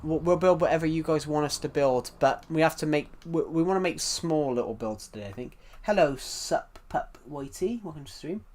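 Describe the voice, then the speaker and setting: A man's voice: a little high, a little fast, hardly any pauses, a little mellow. A young man from the south of England with a southern English accent, chatting casually on a game live stream and rambling through viewer comments with many restarts. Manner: rambling, repeats and restarts phrases while reading chat.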